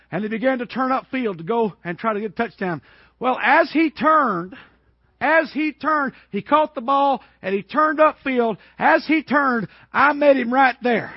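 High husky preacher man, animated. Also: no room sound, lo-fi sound. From Georgia, US. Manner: animated, building to shouted peaks. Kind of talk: sermon storytelling. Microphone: worn microphone.

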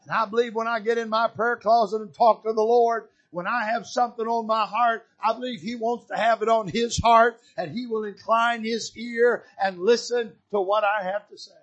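High-voiced older preacher from Michigan. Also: male voice, fairly even intonation, normal speed, few pauses. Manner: swings between shouted exhortation and hushed, soft emphasis. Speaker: pastor. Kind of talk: preaching a sermon. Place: church pulpit.

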